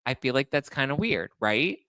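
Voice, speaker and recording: A man hosting a casual chat show, reading viewer comments aloud and retelling stories with animated energy. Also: mid-range voice, moderate pace, dry recording. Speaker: host.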